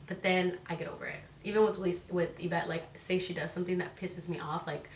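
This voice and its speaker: A woman's voice: fairly low pitch, fairly even intonation, fast talker, slight background noise. A young woman from Northern California, chatting casually to camera as a vlogger, full of "like" fillers and free swearing. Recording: echoey room, voice a bit distant.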